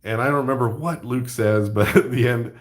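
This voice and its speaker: A man's voice: mid-range voice, brisk. A middle-aged man hosting his own channel, rambling jokily in casual chat and laughing often. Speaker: YouTube art channel host.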